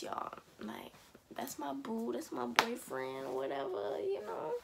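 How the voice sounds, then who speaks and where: A teenage girl vlogging to her camera, her voice fairly high and swinging widely in pitch as she slows down and drifts into soft, near-whispered lines. She sounds on the edge of tears, with a gravelly fry at the ends of phrases. A faint hiss sits behind her. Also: wildly swooping pitch. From Atlanta, USA. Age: teens. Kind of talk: casual vlog talk to camera.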